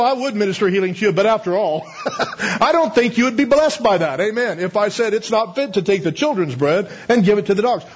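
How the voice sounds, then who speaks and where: A man with a high, slightly husky voice preaches a sermon. He talks to the congregation like a conversation, throws out rhetorical questions and chuckles as he goes. The recording sounds a little dull.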